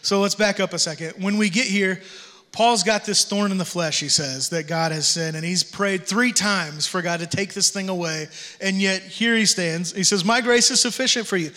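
High, bright-voiced joking pastor. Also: male voice, fairly even intonation, normal speed. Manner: casual, joking storyteller with slang. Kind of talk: sermon. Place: church sanctuary. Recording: long church reverb.

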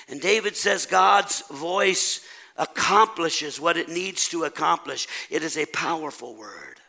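A man preaching a sermon as pastor, building to shouts and falling to soft, hushed lines. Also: on the high side, animated, a little slow, creaky. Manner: preaching, rising to a shout, then dropping to a soft hush.

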